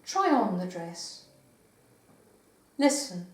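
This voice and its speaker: An older woman poet giving a live poetry reading in a meeting house, with measured recitation and hesitant spoken asides. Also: on the low side, sing-song. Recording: roomy live recording from far off.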